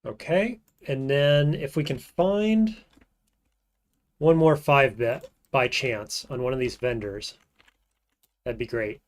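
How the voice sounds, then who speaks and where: A man streaming a roguelike, thinking aloud in casual gameplay commentary and often trailing off into quiet mutters. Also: medium pitch, slow, pauses often.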